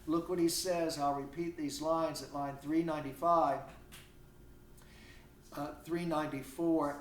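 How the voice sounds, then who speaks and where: Teaching literature online from home, a man speaks with a fairly high pitch and steady tone, a little slowly. His lecture is conversational and digressive with heavy stress on key words, recorded far from the mic in a roomy room with slight background noise.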